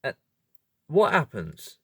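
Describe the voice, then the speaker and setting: A man talking to camera in a casual, animated monologue, correcting himself mid-sentence and laughing often. His voice sits a little high and rises and falls a lot. The sound is close and dry. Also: slow, husky, no room sound. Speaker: video host.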